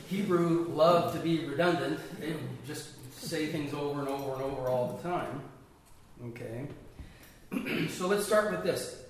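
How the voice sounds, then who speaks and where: A man's voice: a little high, fairly bright tone, distant mic, slight background noise. A man leading a small Bible study class, asking the group questions as he teaches. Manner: conversational, asks the group questions. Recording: echoey room picked up from afar.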